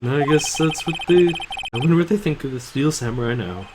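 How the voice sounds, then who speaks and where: A man's voice: a little high, lively intonation, fairly quick, noisy background, lightly acted. A man voicing a timid, nervous grown man in a fan dub of a video game, speaking hesitantly and stammering. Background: loud game music.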